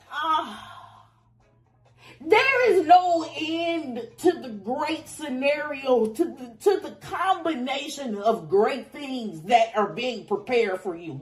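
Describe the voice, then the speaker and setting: Passionate, lively woman reading tarot. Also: fairly high pitch. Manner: passionate, exclaiming, breaks into song. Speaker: tarot reader. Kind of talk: intuitive tarot reading to camera.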